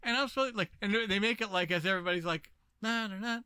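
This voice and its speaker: A man's voice: sits high, quick pace, smooth. A man co-hosting a movie podcast, chatting casually and rambling with lots of fillers. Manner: rambling, animated, many fillers. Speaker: podcast co-host.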